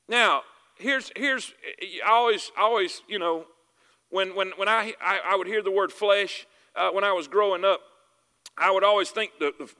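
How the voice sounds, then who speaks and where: In a reverberant hall where every line echoes long after, a Southern US pastor preaches with a high, bright, cutting voice. He keeps asking for an "amen" and "y'all with me" and repeats his phrases to emphasize them.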